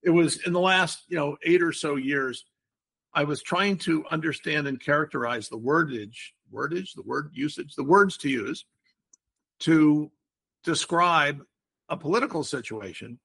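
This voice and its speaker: A man's voice: a little high, unhurried, vocal fry, fairly bright tone, husky. An older man hosting a casual podcast chat, explaining word games in a playful, wordy way. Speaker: podcast host.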